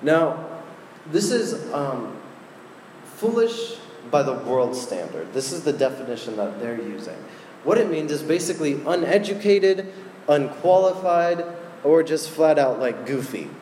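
A man gives a relaxed, chatty sermon at an ordinary pitch, speaking right to his audience. His voice rings through a large, reverberant hall. Faint room noise sits underneath him. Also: measured pace. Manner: conversational, animated, addresses the audience directly. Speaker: preacher. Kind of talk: casual sermon. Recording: roomy hall with long reverb, faint ambience.

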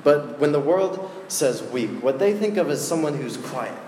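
Casual, chatty male preacher, slightly high voice, echoey hall sound. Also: expressive, normal speed, warm tone, a little hiss or hum. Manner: conversational, filler-heavy. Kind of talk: casual sermon. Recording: echoey hall with faint ambience.

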